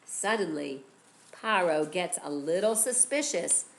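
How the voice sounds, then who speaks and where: Lady teacher reading out a kids story, slow and expressive, lots of questions. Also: on the low side. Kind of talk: storytelling lesson for children.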